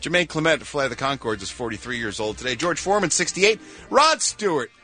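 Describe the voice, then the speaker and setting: A man's voice: on the high side, sing-song, brisk, pushed and bright, soft background music. A man hosting an entertainment news segment on a morning radio show, joking and laughing as he banters. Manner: jokey, playful, laughs often.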